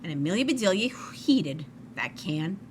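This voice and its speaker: A woman reading a children's story aloud in an expressive, animated way. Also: lowish voice, normal speed, slight background noise. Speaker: storybook reader.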